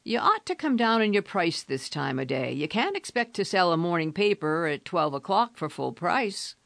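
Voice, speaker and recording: A woman voicing a poor, frail old man with a shrill, modest way of speaking. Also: very animated, normal speed, vocal fry, dry recording.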